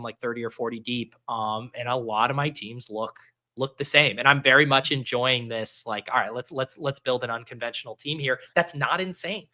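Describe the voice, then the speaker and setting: A man's voice: medium pitch, sharp tone. A man hosting a casual fantasy football show, thinking aloud with fillers and restarts. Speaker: podcast host.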